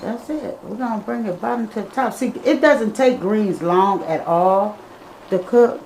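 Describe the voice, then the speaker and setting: Slow-talking woman cooking in an echoey kitchen. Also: medium pitch, vocal fry, darkish tone, slight background noise. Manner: chatty, addresses viewers as y'all and you guys. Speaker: home cooking channel host. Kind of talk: casual cooking vlog talk. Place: home kitchen.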